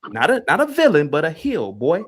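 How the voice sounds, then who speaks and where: A man's voice: fairly high pitch, huge pitch swings, a little fast, breathy edge. A man hosting a livestream, ranting heatedly and taunting a caller with repeated jabs. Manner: taunting, repetitive, calls out a caller. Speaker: livestream host.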